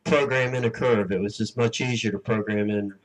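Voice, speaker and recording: A man's voice: fairly low pitch, fairly even intonation, fairly quick, far from the mic, rough recording. A man in the audience asking a hesitant question from the floor of a conference.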